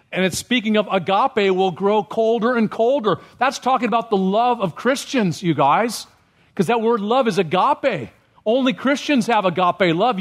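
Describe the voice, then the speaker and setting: Preaching man, somewhat high voice. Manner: asks the congregation questions, rising when stirred. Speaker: pastor. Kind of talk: sermon.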